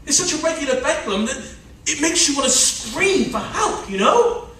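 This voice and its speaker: Using a full character voice that's extremely high-pitched, sing-song and fairly bright, a male actor at a moderate pace plays a frazzled middle-aged official and overworked family man during a stage rehearsal. His pleading, melodramatic complaints sound weary, picked up by a distant mic in an echoey room with slight background noise.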